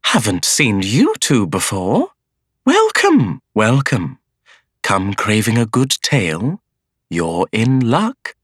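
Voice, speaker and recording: A man voicing an eccentric older woman who owns a bookshop, gushing in a sing-song voice that swoops high in pitch. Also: wildly swooping pitch, slow pace, a bit bright, slightly rough, no echo, clean studio sound, full character voice. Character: eccentric older female bookshop owner, bubbly. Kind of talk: audiobook character voice.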